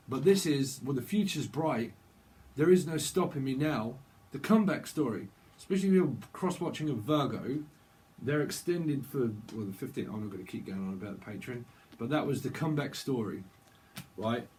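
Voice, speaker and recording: This tarot reader, a middle-aged man, speaks at a normal speed in a mid-range, slightly mellow voice, with a bit of background noise. His channeling monologue is casual and rambling, full of laughter and playful jumps between words.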